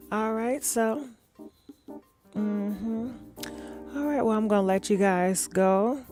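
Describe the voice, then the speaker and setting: A woman hosting a gossip live stream in a calm, soft-spoken way, chatting casually and reading viewer comments with many "all right"s and "mm-hmm"s. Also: medium pitch. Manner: calm, soft-spoken talk instead of her usual yelling. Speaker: gossip show host.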